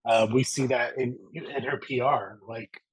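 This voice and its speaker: A man chatting as a guest on a podcast, relaxed and full of fillers like "like" and "you know". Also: medium pitch, measured pace, husky, no room sound, low-quality recording. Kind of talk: casual chat.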